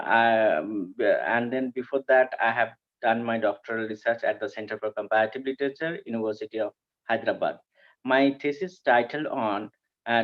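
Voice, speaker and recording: A man, presenting a conference paper and pausing often with fillers and restarts. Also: mid-range voice, highs cut off. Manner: hesitant, frequent fillers and restarts. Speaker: academic presenter.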